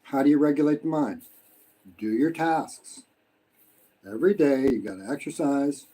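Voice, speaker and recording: A man's voice: medium pitch, lively intonation, normal speed, dark tone, low-quality recording. A man in his sixties from the United States, talking bluntly and preachily in a casual live-stream while eating, swearing freely. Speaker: vlogger. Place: home in the Philippines.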